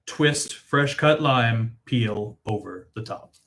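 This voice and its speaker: A man putting on a slow, deep, booming announcer voice to read out a cocktail recipe. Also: animated, creaky, fairly bright tone, heavily acted. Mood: solemn. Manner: slow, low, measured recipe reading.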